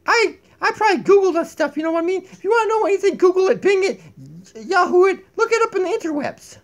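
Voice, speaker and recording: A man voicing a vain, bossy female donkey puppet who calls herself queen of the world, in a shrill, grandiose, giggly manner, recorded on a tablet in a home kitchen. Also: animated, quick pace. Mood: chatty. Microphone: tablet built-in mic.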